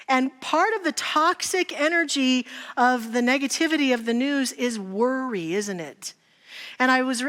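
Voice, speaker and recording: Woman giving a sermon, higher-pitched voice, earnest and reflective, long hall reverb. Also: a bit bright. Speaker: speaker. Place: church sanctuary.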